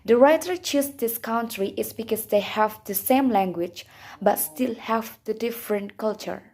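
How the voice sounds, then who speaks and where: A woman's voice: a little high, unhurried, darkish tone. A young woman, a student whose first language is Indonesian, reading her class presentation aloud from a script in a careful way.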